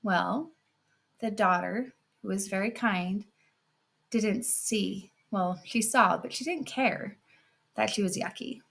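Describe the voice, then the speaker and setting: Slow, expressive woman telling a fairy tale. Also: medium pitch, vocal fry. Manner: expressive, casual storytelling with many fillers. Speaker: podcast host.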